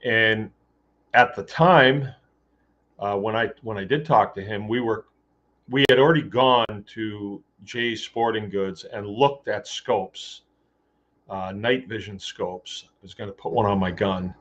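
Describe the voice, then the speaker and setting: A man's voice: lowish voice, a little slow, a bit bright. A man hosting a podcast, telling a story in a loose, rambling way with fillers and restarts. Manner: rambling, with many fillers and restarts, acting out quoted dialogue. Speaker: podcast host. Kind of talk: casual storytelling monologue. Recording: dull lo-fi sound.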